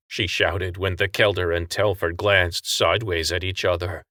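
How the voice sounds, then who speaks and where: Bright, dry-voiced male narrator. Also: deep voice, flat delivery, moderate pace, no echo. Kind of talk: audiobook narration.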